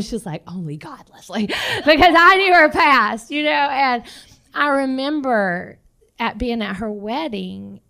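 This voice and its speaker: A woman's voice: medium pitch, vocal fry. A woman ministry leader telling a personal testimony to a class, acting out quotes and laughing often. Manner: lively storyteller who acts out quotes and laughs often. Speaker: ministry leader sharing her story.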